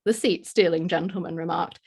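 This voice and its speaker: A woman's voice: fairly low pitch, steady tone, a little fast, gravelly, a little mellow, husky. A woman reading a story aloud as narrator, giving small voice shifts to quoted characters. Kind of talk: scripted narration.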